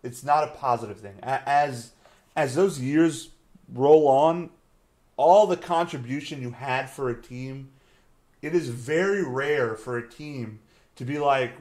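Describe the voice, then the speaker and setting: A man's voice: medium pitch, animated, slow pace, darkish tone. Chatty man riffing on sports. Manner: rambling, teasing, laughs often, trails off with fillers. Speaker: sports show co-host. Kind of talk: casual live-stream sports banter. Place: lives in Austin, Texas.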